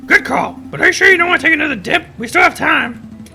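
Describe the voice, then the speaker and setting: A man's voice: very high voice, animated, vocal fry, pushed and bright, soft background music, full character voice. A man voicing a cheeky male sparrow lawyer who teases and cracks puns. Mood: teasing. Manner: jokey, teasing, quick. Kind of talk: let's play character voicing.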